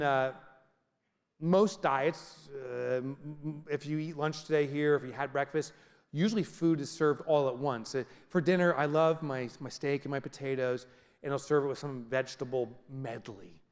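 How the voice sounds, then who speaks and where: Male keynote speaker, animated storyteller; high, lively voice in a reverberant hall. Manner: animated storytelling, acts out scenes. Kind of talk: comedic motivational talk to a live audience. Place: large venue with audience.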